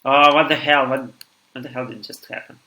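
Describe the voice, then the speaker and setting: A man from Siberia with a thick Russian accent, tired after hours of streaming, coding live and thinking aloud in a halting way as he reads code out. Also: medium pitch, steady tone, pushed and bright.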